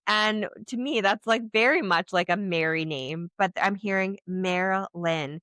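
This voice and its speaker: Bright-voiced woman giving a spiritual reading. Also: medium pitch, a little slow, no echo. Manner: flowing, earnest, many likes and trailing restarts. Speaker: psychic channeler. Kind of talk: channeled reading, casual.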